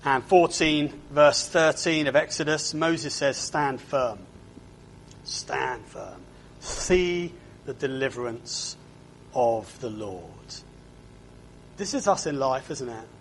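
A man's voice: a little high, slow, a little hiss or hum. A man preaching a sermon, often asking his listeners to agree and repeating his words.

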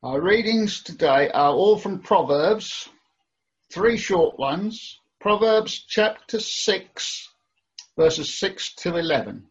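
A man with a slightly high, husky voice reads scripture slowly and deliberately. The recording is dull and lo-fi. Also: lively intonation. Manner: careful, deliberate reading. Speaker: scripture reader. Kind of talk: measured scripture reading.

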